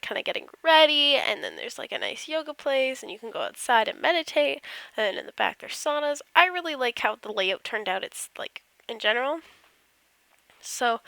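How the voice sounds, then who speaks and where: A woman's voice: high voice, creaky, pushed and bright, no echo. A woman casually narrating over her game build, rambling and self-deprecating, yawning as she goes. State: tired, yawning.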